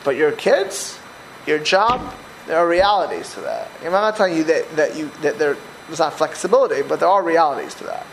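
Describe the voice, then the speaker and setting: A man teaching a Torah class, animated, with many restarts and repeated words. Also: fairly high pitch, moderate pace, creaky, a little hiss or hum, rough recording. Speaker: religious teacher.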